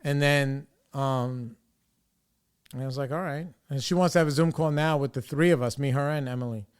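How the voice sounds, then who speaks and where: A man's voice: medium pitch, moderate pace, clear, resonant tone. A young man hosting a podcast, telling a frustrated story in a casual, profane way and quoting others in his own voice. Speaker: podcast host.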